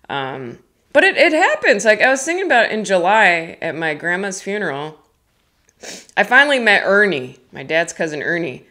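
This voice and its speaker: Comedian in her thirties, rambling and self-deprecating, giggly, lively swooping pitch. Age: 30s. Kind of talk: casual live-stream chat.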